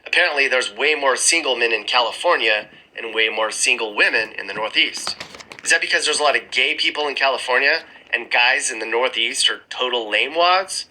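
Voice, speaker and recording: Male vlogger, casual sarcastic map commentary, bright tone, a bit husky. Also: mid-range voice, brisk, low-quality recording. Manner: sarcastic, chuckling asides. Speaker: screen-recording vlogger. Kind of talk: casual commentary over maps. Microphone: phone screen-recording mic.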